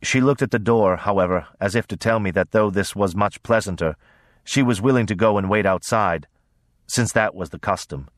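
A man narrating a novel as an audiobook reader, in a measured, gentle storytelling manner. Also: on the low side, dry recording, clean studio sound. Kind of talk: scripted narration.

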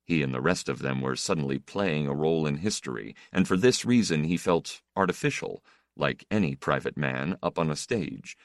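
A man narrating an audiobook in a measured, expressive reading. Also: very deep voice, no echo, clean studio sound.

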